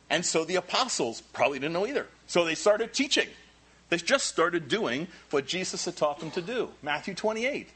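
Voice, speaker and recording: A man preaching a sermon as pastor, animated and repeating key phrases for emphasis. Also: sits high, moderate pace, husky.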